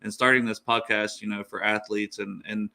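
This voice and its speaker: A man's voice: fairly low pitch, level tone, normal speed, creaky, sharp tone. A man co-hosting a casual sports podcast, telling rambling game-day stories with lots of fillers. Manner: rambling storyteller, many fillers and laughs. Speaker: podcast co-host.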